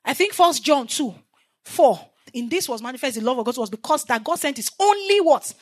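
A woman with a high, light voice delivers a sermon. She teaches emphatically and repeats herself for weight. She leaves scripture lines hanging for listeners to finish in call-and-response. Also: animated, brisk. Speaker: preacher.

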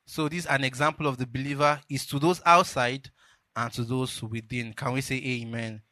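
A man's voice: medium pitch, fairly even intonation, normal speed, bright, forceful tone, no room sound. A man closing a sermon, exhorting the congregation and calling them to prayer. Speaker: pastor. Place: church.

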